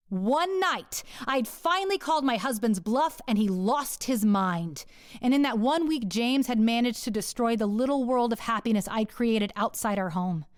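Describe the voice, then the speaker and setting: Recorded close on a studio mic with no room sound, a middle-aged woman with a smooth, medium-pitched voice tells her own story. Her confessional storytelling is candid, wry, and profane.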